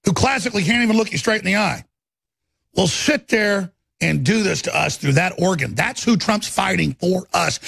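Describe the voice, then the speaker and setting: A man hosting a talk radio show, ranting angrily and emphatically, pitching products between tirades. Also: lively intonation, normal speed, gravelly, a bit bright, breathy edge, dry recording, clean studio sound. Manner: angry, emphatic, repetitive ranting.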